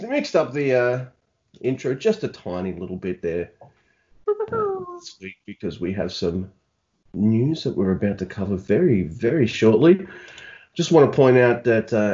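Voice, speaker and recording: A man's voice: lowish voice, darkish tone, lo-fi sound. A man hosting a podcast in casual, rambling, self-deprecating chat. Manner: rambling, self-deprecating, many fillers and restarts. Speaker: podcast host.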